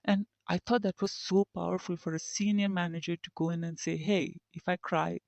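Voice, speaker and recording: A woman's voice: on the low side, fairly even intonation, fairly quick, vocal fry, a little mellow, dry recording, dull audio. A woman engineer, a podcast guest, talking reflectively and acting out the remarks of people she quotes. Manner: reflective, tells stories and acts out quoted remarks. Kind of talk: conversational interview.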